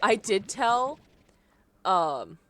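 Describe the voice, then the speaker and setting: A woman's voice: mid-range voice, sing-song, very slow, fairly bright tone, slight background noise. A young adult woman streaming a game live, chatting casually and rambling, often breaking into laughs. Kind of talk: casual live-stream chat while gaming.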